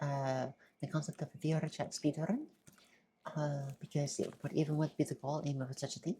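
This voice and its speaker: A woman's voice: deep voice, warm tone, a little hiss or hum. A woman streamer chatting casually through a game, talking while she eats. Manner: chatty, talks while eating. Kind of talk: casual let's-play chat.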